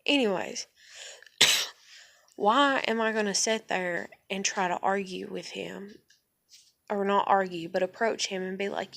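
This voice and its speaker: A woman's voice: medium pitch, unhurried, creaky, pauses often, fairly bright tone. A woman venting bluntly to camera in a casual vlog rant, with frequent swearing and emphatic repetition. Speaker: vlogger.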